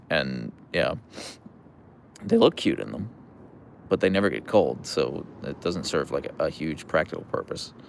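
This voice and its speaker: A tired, relaxed man hosting a casual livestream, rambling with fillers as he answers viewer comments. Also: rumbling low, measured pace, vocal fry, pauses often, slight background noise. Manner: relaxed, rambling, with fillers, soft coos to the dogs. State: tired, yawning. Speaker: livestream host with pet huskies.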